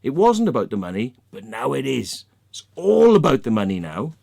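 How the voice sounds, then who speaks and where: A man's voice: medium pitch, huge pitch swings, moderate pace, gravelly, a little mellow. A man with an English accent, ranting heatedly in a sweary monologue and tagging his points with "yeah?" and "right?". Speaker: video blogger.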